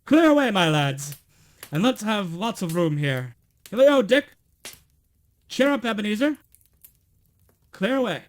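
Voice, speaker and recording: Man as hearty fat old merchant; booming, high, jovial storybook voice. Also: lively intonation, moderate pace. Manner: loud, laughing, exclaiming.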